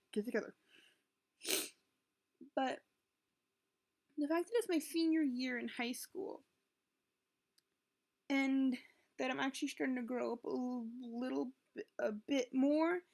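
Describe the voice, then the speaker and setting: A woman's voice: high voice, a little slow, creaky, pauses often. A woman in her late teens, talking through a webcam at home in a rambling, emotional, self-interrupting way, with a sore throat. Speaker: vlogger. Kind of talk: confessional webcam vlog. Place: at home, indoors. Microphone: built-in computer webcam mic.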